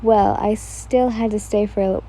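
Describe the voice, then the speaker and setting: A woman's voice: medium pitch, steady tone, moderate pace, slightly rough, low-quality recording. A woman voicing a kind, reassuring young man in a read-aloud fan fiction story. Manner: gentle and reassuring.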